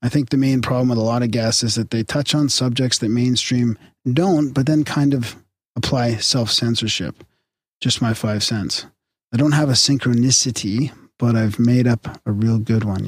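A man's voice: medium pitch, fairly even intonation, moderate pace, no room sound. Laid-back man reading listener emails. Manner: laid-back, reads aloud with chuckles and restarts. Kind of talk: casual podcast banter.

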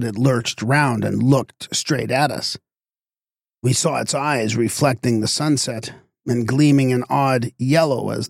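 A male narrator reading a literary tale in measured, expressive tones. His voice has a gravelly texture. The audiobook recording sounds dry and close, with no room behind it. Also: mid-range voice, no echo.

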